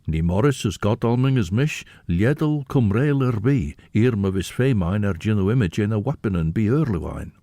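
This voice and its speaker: Deep-ish guy radio presenter, reads stuff out slow n careful, voice goes up and down a lot. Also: no echo. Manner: measured, expressive reading aloud. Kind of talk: radio reading of a story and presenting. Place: radio studio.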